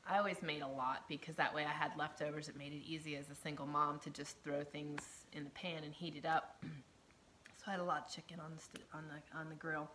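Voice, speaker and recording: A woman's voice: low-pitched, level tone, brisk, slight background noise. Earnest woman telling her story. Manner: earnest, emotional, often drops to a hushed near-whisper, laughs between phrases. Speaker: storyteller sharing her testimony. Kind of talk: casual personal storytelling.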